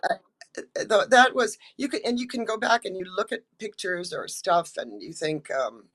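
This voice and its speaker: An older American actress telling stories in a casual interview, chatty and full of ums and restarts, acting out quotes. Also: female voice, medium pitch, sing-song, normal speed, a bit bright.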